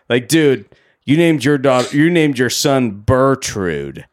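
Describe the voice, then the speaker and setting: A man's voice: mid-range voice, takes it slowly. A man co-hosting a podcast, casually retelling a movie scene, acting out the characters' lines and laughing often. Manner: animated retelling, acts out lines, frequent laughs. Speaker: podcast co-host. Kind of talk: casual movie recap chat.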